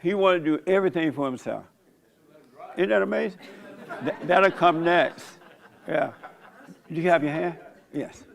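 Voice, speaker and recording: A man's voice: on the high side, moderate pace, vocal fry, pauses often, some chatter behind. An older man, a pastor and host, giving a casual church talk and telling stories with a joking manner and frequent laughs. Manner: joking storyteller, laughs often.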